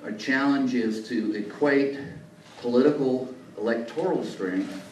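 A man's voice: mid-range voice, a little slow, darkish tone. A man, a journalist giving a talk to a lunch club, telling anecdotes with folksy asides. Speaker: guest speaker, journalist. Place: meeting room. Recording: echoey room, distant mic, faint noise.

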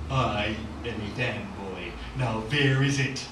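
A man's voice: on the low side, background noise. A man putting on a chilling Swedish-accented villain. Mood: menacing. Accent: put-on Swedish. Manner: slow, chilling and mournful. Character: tall pale cold Swedish-accented man in a robe. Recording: echoey gallery from far off.

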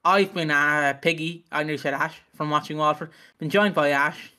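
A man's voice: fairly high pitch, fairly even intonation, moderate pace, bright, forceful tone, clean tone. Ranting, foul-mouthed man co-host. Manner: ranting, heavy swearing. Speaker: podcast co-host. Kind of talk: casual podcast chat.

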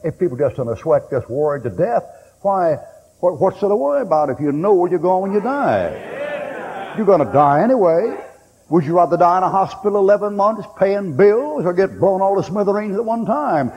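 A man preaching a fiery sermon in a folksy, blunt and joking way, with sudden shouts. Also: high-pitched, sing-song, normal speed, husky. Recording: dull old recording with long hall echo and faint hiss.

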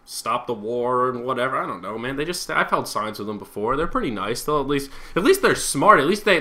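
A man's voice: on the high side, sharp tone. A young man co-hosting a casual talk show, rambling and repeating words as he starts his sentences. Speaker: podcast co-host. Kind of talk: casual chat.

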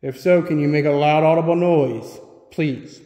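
A man's voice: a little high, fairly even intonation, normal speed, mellow. A man hosting a solo ghost-hunting vlog, casually calling out questions to spirits inside an old schoolhouse. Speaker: solo ghost hunter host. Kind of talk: paranormal investigation vlog. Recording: echoey room.

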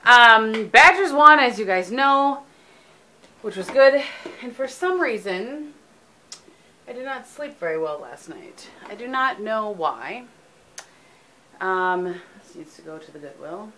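A woman's voice: on the high side, expressive, slow pace, pauses often, bright, forceful tone, slight background noise. A middle-aged woman from the United States, chatting casually in a home vlog with lots of ums, tired and sleepy, recorded on a camera mic. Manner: chatty, rambling, frequent ums. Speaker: vlogger.

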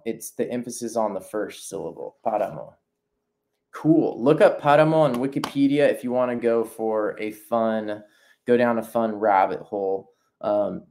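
With a warm, medium-pitched voice, a man leads a casual live nature journaling demo, thinking out loud as he paints. He frequently breaks off and restarts his sentences while encouraging viewers to sketch with him.

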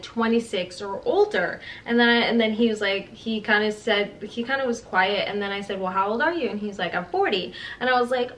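A woman's voice: medium pitch, fairly bright tone. A woman in her twenties telling work stories in a casual vlog, rambling with lots of "like" and acting out the quoted dialogue. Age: 20s. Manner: chatty, rambling with many "like"s, acts out quoted dialogue. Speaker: vlogger. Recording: slightly distant mic with faint background noise.

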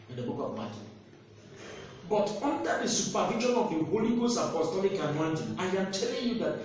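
A man's voice: fairly high pitch, big pitch swings, brisk, a little hiss or hum. A man preaching an emphatic commentary sermon as a TV host. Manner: emphatic, rising and declaiming. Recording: echoey room, distant mic.

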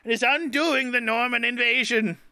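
A man's voice: extremely high pitch, steady tone, normal speed, creaky, pushed and bright, no room sound. A male host telling an improvised comic story in a theatrical, grandiose and playful way. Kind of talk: improvised comedic storytelling on a live stream.

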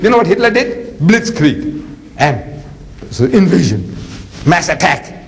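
A man preaching a lecture, animated and jokey, telling stories with acted-out voices. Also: on the high side, slight background noise, rough recording. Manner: animated, jokey, acts out characters. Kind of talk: lecture with dramatic storytelling.

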